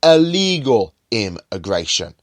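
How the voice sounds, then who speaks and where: A man hosting his own political podcast, speaking with an emphatic, indignant edge. His pitch swings widely, dipping low and jumping high to stress his points. The sound is close and dry, with no room around it. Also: big pitch swings, slow pace, dry recording. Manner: emphatic, indignant ranting with rising and falling emphasis. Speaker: podcast host.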